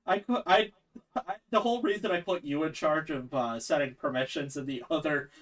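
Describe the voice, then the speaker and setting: A man with a Midwest Canadian accent in casual chat as a tabletop game player, easygoing and quick to laugh, trailing off into fillers. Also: on the high side, a bit bright, distant mic.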